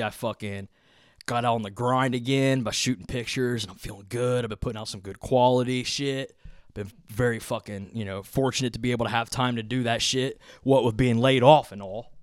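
A podcast host with a low voice and a Southern Ohio accent chats unscripted on his solo show. He rambles in a laid-back, profane way, and the recording is dry with clean studio sound.

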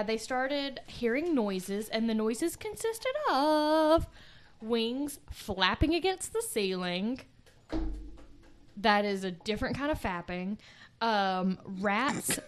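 A woman hosting a casual podcast, telling a scary story with swearing and joking asides. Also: fairly high pitch. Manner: swears freely, jokey asides.

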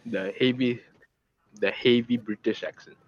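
A man's voice: medium pitch, steady tone, a little slow, lo-fi sound. A man chatting casually as a podcast guest, making goofy, offhand quips. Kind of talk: casual chat.

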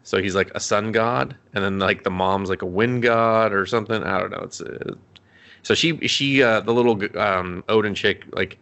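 A man's voice: lowish voice, normal speed, vocal fry, fairly bright tone. A man co-hosting a casual podcast, rambling through an anime recap, swearing a lot and acting out the characters' lines. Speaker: podcast co-host.

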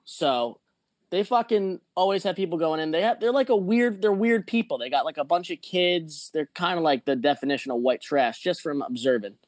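A man's voice: on the high side, animated, moderate pace, no room sound. A man telling a rambling, profane story in a casual podcast chat. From not from Jersey or Pennsylvania.

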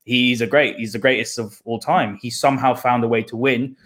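A man's voice: medium pitch, steady tone, a little fast, a bit bright. A man in his twenties hosting a football podcast, talking fervently and emotionally about his idol. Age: 20s. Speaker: podcast host.

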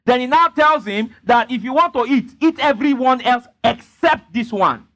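A man preaches with a high-pitched voice. He leans hard on his points and keeps pressing the congregation to answer him back. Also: expressive, moderate pace, sharp tone. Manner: emphatic, repeatedly prompting the congregation. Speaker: pastor. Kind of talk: sermon with call-and-response.

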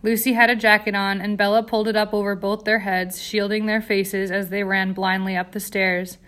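A woman narrating an audiobook in a steady, dramatic storytelling voice. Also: medium pitch, normal speed.

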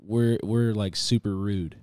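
Man, young adult, low voice, blunt, teasing, casual chat, dry sound. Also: steady tone, a little slow, darkish tone, no room sound. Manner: blunt, short teasing interjections.

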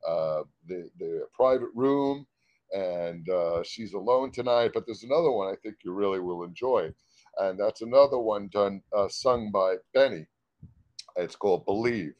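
A man's voice: lowish voice, normal speed, no room sound, dull audio. Man fumbling a station ID. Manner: stumbling, laughing at his own flubs. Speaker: guest musician. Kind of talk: casual interview chat.

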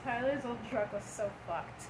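A woman in her twenties from Minnesota, a podcast guest, talking in an animated way, swearing often and laughing quickly. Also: fairly high pitch, slight background noise, low-quality recording. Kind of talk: casual chat.

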